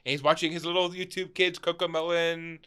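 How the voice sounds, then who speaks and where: Male shop owner, young adult, animated guest with a bright, fairly high voice, keeps asking "right?". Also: brisk, smooth. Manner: animated, tags sentences with "right?"; laughs while telling stories. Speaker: store owner, podcast guest. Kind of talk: casual storytelling chat.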